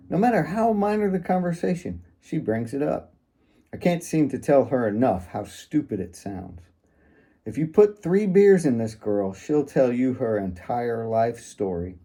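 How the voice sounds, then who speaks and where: A man's voice: mid-range voice, dark tone. A man reading first-person fiction aloud in a wry, sardonic manner. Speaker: audiobook narrator.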